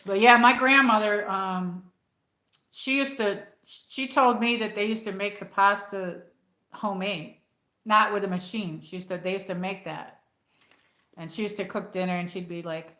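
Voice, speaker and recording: A woman's voice: mid-range voice, steady tone, moderate pace, bright, forceful tone. A middle-aged American woman chatting casually on her livestream, rambling and reading viewer comments aloud. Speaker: livestream host. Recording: echoey room.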